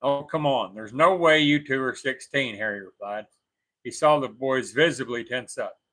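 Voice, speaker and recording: A man's voice: mid-range voice, normal speed, pushed and bright, low-quality recording. A man co-hosting a show, reading a scary story aloud and now and then correcting his own slips.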